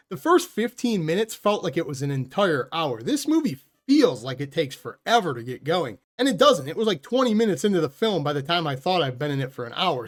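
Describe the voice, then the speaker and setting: A man giving a casual spoken film review, blunt and sarcastic, with loose, chatty phrasing and quick self-corrections. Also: high-pitched. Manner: sarcastic, blunt put-downs. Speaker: movie reviewer.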